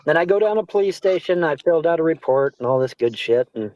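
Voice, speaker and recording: A man's voice: fairly high pitch, animated, fast, a little mellow, dry recording, low-quality recording. A man in a casual chat, telling long rambling stories, stammering and repeating words and swearing freely.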